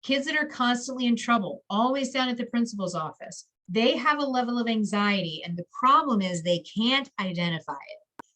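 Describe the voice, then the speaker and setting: A woman's voice: on the high side, expressive, normal speed, pushed and bright, poor audio. Woman counselor talking parents through anxiety. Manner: conversational, often checks in with "right?"; acts out a child's and a parent's words. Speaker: school counselor. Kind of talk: presentation to parents.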